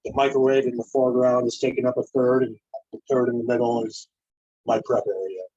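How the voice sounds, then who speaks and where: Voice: mid-range voice, little pitch movement, fairly quick, dark tone, dull audio. A home cook on a video call chatting in a matter-of-fact way with dry humor. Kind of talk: casual chat.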